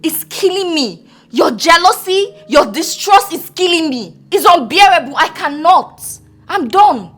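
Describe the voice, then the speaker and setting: A woman's voice: very high-pitched, animated, unhurried, a bit bright, full character voice. An actress playing a weary married woman fed up with her jealous husband, in a Nigerian film drama. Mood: exhausted.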